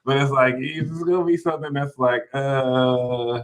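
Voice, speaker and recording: Animated man chatting on a livestream. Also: medium pitch, unhurried, few pauses, low-quality recording. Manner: animated, laughs often, reads chat names aloud. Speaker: livestream host. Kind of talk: casual livestream chat.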